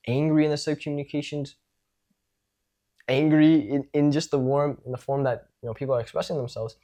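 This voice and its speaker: A man's voice: medium pitch, darkish tone. Man explaining in a casual lecture. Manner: talks things through, demonstrating tones of voice. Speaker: social skills teacher.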